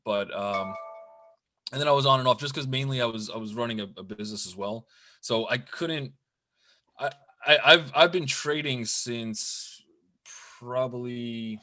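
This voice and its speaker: A man, a day trader, talking in an easygoing, halting way and often repeating his words. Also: medium pitch, pushed and bright. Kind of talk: casual chat.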